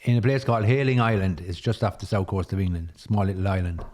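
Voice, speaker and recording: A man's voice: sits low, fast talker, a little mellow. A middle-aged man with an Irish accent, a podcast guest telling stories in a rambling way that repeats words. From Ireland, Tipperary. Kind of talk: casual storytelling chat.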